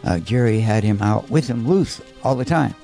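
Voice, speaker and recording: Man, low gravelly voice, dark tone, earnest storyteller, faint music behind. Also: expressive, normal speed. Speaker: animal trainer guest. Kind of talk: casual commentary chat.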